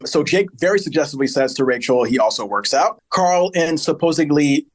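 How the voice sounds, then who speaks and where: A man's voice: fairly high pitch, animated, brisk. A man co-hosting a podcast, casually recapping a sitcom episode and joking along as he reads from his notes. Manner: chatty, joking, reads plot notes aloud.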